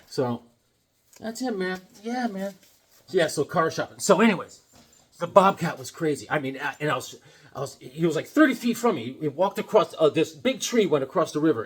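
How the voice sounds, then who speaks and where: A man's voice: on the high side, husky. A man chatting casually about comics, rambling and joking, drifting between topics. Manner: rambling, jokey, drifts between topics and puts on silly voices. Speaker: comic vlogger.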